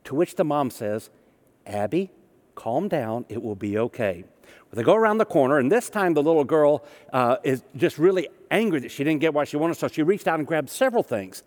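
Male minister, fairly high voice, relaxed storytelling sermon, reverberant hall. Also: brisk, hardly any pauses. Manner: storytelling, conversational with humor.

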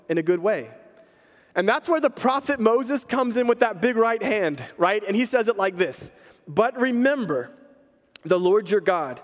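A man preaching a sermon as pastor, telling a story in a conversational, emphatic way. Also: high voice. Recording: long hall reverb.

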